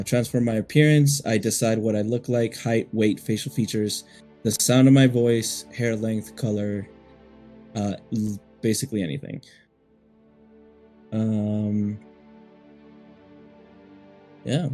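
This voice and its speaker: Man, from Mexico, tabletop player, hesitant, dark mellow voice, faint music behind. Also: lowish voice, steady tone, a little slow, long pauses. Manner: hesitant, lots of fillers and restarts. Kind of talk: casual tabletop game play.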